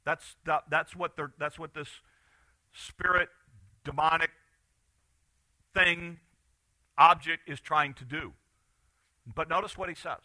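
A man preaching a sermon as pastor, animated, swinging from loud bursts to quiet asides. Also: a little high, takes it slowly, pauses often, no room sound.

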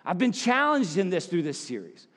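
Male pastor, high voice, casual sermon delivery with asides, reverberant church hall. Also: big pitch swings, moderate pace, a bit bright. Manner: conversational preaching with asides.

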